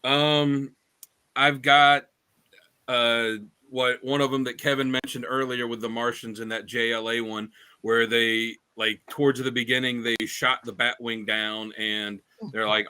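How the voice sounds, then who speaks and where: A man's voice: mid-range voice, level tone, unhurried, pushed and bright, smooth. A man co-hosting a podcast, telling stories in a rambling casual chat with many fillers and restarts. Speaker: podcast co-host.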